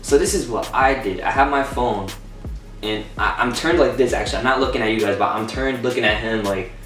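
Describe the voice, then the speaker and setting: A man's voice: mid-range voice, a little fast, soft background music. Young man telling a story, far off in a roomy echo. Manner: excited, swearing, acts out quotes. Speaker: vlogger. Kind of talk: storytime vlog.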